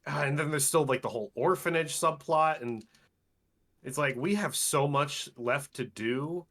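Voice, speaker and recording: Bright-voiced man ranting casually. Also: on the high side, normal speed. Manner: exasperated, swearing, rambling. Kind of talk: casual film-breakdown chat.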